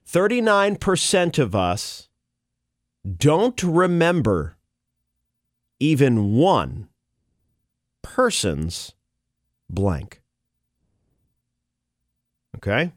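Hosting a morning radio show from a studio, a man jokes with his co-host and callers, laughs often, and stumbles over his words in casual banter. His fairly high voice is very animated yet very slow, with long pauses. The studio microphone gives a clean sound with no room tone.

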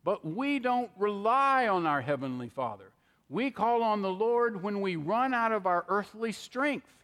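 High-voiced pastor preaching. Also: male voice, expressive, a little slow, a bit bright. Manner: conversational preaching with frequent "okay?" asides. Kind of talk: sermon. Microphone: handheld microphone. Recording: long hall reverb.

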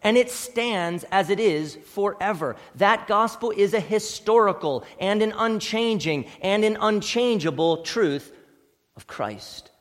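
Man, pastor, sermon, emphatic, loud peaks and quiet asides, slightly high voice, long church echo. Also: expressive, measured pace. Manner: emphatic preaching, swinging between loud stresses and quiet low asides. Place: church sanctuary.

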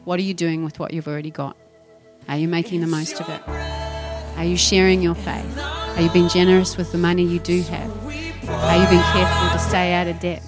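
A woman's voice: lowish voice, a little fast, faint music behind. A woman preaching a sermon, firing rhetorical questions and acting out voices. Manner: animated, rhetorical questions, acts out quoted voices.

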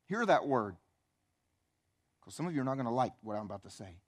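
A man preaching a church sermon, swinging between quiet, intimate asides and loud, emphatic peaks. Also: mid-range voice, expressive, quick pace, pauses often, husky. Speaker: pastor. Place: church sanctuary.

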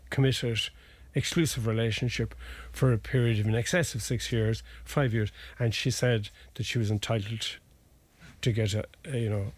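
A man's voice: mid-range voice, a little mellow, no echo. An Irish man, a lawyer guest, talking casually through family law cases with restarts and folksy asides. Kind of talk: conversational legal explanation.

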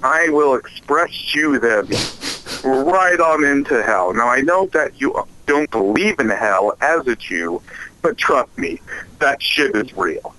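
Folksy unassuming devil played by a guy calling in, bright, slow, singsong. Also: mid-range voice, lively intonation, a little hiss or hum, poor audio. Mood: menacing. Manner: meandering, folksy threats. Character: dopey, unassuming male devil. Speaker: caller.

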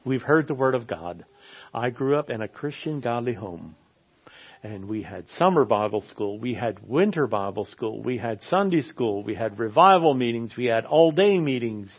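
A man preaching a sermon with an earnest, repetitive delivery. His voice sits at a middle pitch. The recording is slightly dull and lo-fi. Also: animated, moderate pace, slightly rough. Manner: earnest, repeats phrases for emphasis.

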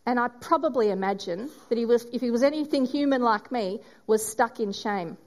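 A woman giving a sermon, telling a story and acting out its voices with dramatic pauses. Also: a little high, a little mellow. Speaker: preacher.

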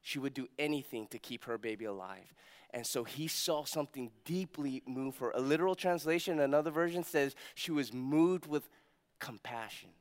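A man preaching a sermon as pastor, telling stories with energy and dropping to hushed emphasis on key points. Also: medium pitch, normal speed. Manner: animated storytelling, acts out quotes, drops to hushed emphasis.

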